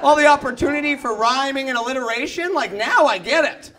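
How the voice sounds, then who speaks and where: A young man doing a stand-up comedy set, telling self-mocking stories and shouting out punchlines. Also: extremely high pitch, fairly quick, background noise. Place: comedy club with a live audience. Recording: live club recording with crowd. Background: audience laughter.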